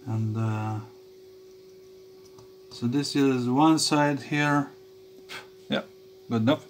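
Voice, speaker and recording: Slight background noise sits behind this man's mid-range voice as he casually describes soldering at his workbench for his electronics vlog. He's halting, keeps restarting, uses plenty of fillers, and chuckles to himself.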